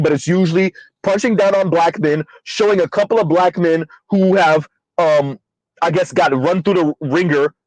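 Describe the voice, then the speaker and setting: A man's voice: on the high side, a little mellow, no room sound, low-quality recording. A man hosting a casual commentary stream, rambling with fillers, addressing his chat and calling himself by name in third person. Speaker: commentary channel host.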